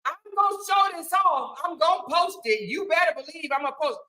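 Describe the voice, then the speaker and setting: High bright-voiced woman on her live stream, hyped, chanting and cussing while thanking folks for super chats. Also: brisk, poor audio. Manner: excitable, chants and shouts thanks to viewers; swears casually and laughs often. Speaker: livestream host.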